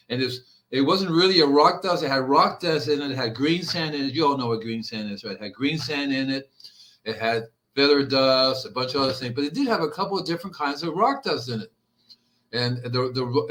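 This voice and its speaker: A man's voice: a little high, fairly quick. An older man, a podcast guest and organic gardener, telling rambling stories in a casual way and acting out quoted people. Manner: animated, rambling, acts out quotes with raised voice. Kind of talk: casual storytelling.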